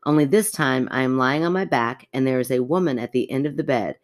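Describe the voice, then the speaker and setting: A woman's voice: extremely low pitch, fairly quick. Chatty woman podcaster reading aloud. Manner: animated, chatty, interjects reactions while reading. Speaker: podcast co-host. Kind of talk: reading a listener's story aloud, casual chat.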